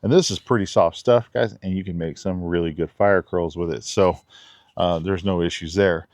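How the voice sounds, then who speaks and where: A man's voice: low-pitched, steady tone, normal speed, a little mellow, no room sound. A man chatting casually as he shows off a knife outdoors in his backyard, laid-back with giggly asides. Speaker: knife reviewer. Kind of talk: casual outdoor demo talk.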